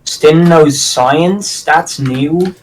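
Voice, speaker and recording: A man chatting casually while playing a game with a friend, rambling with lots of fillers and quick self-deprecating laughs. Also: a little high, far from the mic, crowd noise, low-quality recording. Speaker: gaming channel host. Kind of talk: casual co-op gameplay chat.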